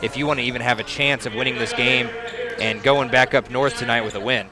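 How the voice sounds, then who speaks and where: Guy calling a high school hoops game, laid back, chatty, lots of ums, loud crowd in the gym behind him. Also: fairly even intonation. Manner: chatty and easygoing, with frequent pauses and fillers. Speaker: play-by-play announcer. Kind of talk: casual halftime broadcast commentary.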